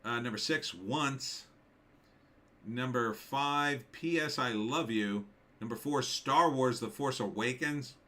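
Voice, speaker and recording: A man hosting a livestream, reading through a list in casual commentary and musing aloud with quick offhand asides. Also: mid-range voice, sharp tone. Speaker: livestream host.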